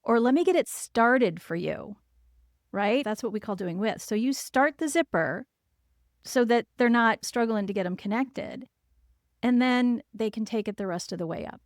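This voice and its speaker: A woman who hosts a parenting podcast as a child therapist, giving advice in a calm, gentle and reassuring way. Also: on the high side, normal speed, no room sound, clean studio sound.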